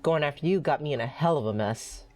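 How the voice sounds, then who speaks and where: Woman reading gruff male killer, low voice, blunt, casual, game dialogue. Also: expressive, fast talker, darkish tone, soft background music. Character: gruff rough-mouthed male serial killer.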